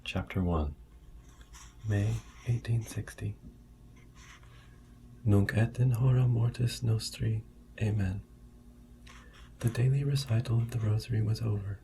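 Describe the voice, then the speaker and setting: A man giving a soft-spoken ASMR book reading, talking in a hushed voice that often drops to a whisper. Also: lowish voice, creaky, slight background noise. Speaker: ASMR storyteller.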